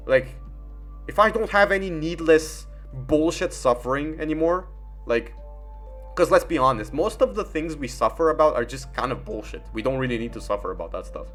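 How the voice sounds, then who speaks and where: A young man rambles through casual gaming commentary. He leans on "like" and curse words, with a middling pitch. Soft music sits under his voice. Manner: rambling, heavy fillers and swearing.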